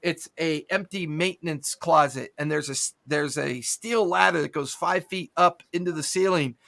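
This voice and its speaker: A man's voice: fairly high pitch, normal speed, vocal fry, bright, forceful tone. A man narrating a tabletop horror game as game master, adding his own gunfire and impact sounds.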